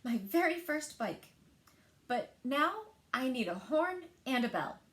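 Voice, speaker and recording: A woman voicing an excitable young boy frog in a read-aloud picture book, chirpy and eager. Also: high voice, slow, heavily acted. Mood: thrilled.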